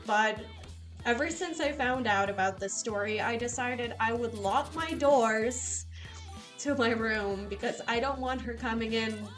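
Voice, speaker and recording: A young woman chatting casually with live viewers, telling stories with animated, loose delivery and casual swearing. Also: on the high side, unhurried, soft background music. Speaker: casino streamer.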